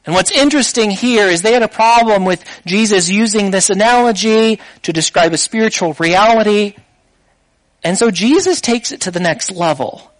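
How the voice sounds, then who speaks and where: A man delivers a sermon in a high-pitched voice, recorded close and dry. He keeps the tone conversational and draws listeners in with rhetorical questions. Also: lively intonation, normal speed, no room sound, low-quality recording. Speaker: preacher.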